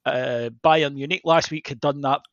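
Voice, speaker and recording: A man's voice: medium pitch, moderate pace, dry recording. A man, co-hosting a football podcast in casual chat, animatedly retelling what players and managers said. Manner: animated storytelling, acts out quotes. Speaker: podcast co-host, football journalist. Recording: dry, slightly dull podcast mic.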